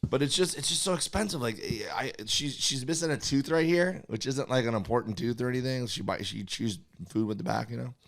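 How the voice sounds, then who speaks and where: A man's voice: mid-range voice, brisk, vocal fry, few pauses, a bit bright. A middle-aged man co-hosting a comedy podcast, telling rambling stories and acting out the people in them. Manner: rambling storyteller, acts out conversations. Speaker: podcast co-host. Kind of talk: casual comedy chat.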